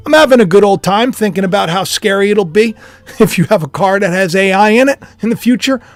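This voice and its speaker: High-voiced man musing on camera. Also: animated, fairly quick, dry recording. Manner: rambling, self-deprecating, chuckling. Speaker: YouTuber and author. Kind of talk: casual speculative monologue.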